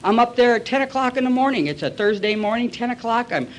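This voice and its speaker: A man's voice: very high voice, lively intonation, fast, slight background noise. Blunt, storytelling man in his forties. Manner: blunt, colloquial storyteller who acts out past dialogue. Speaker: recovery meeting speaker. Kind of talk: personal recovery story told at a meeting.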